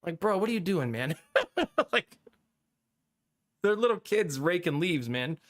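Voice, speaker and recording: A man's voice: high-pitched, animated, measured pace. A man streaming live and chatting casually with his viewers, rambling through a story, laughing often and swearing casually.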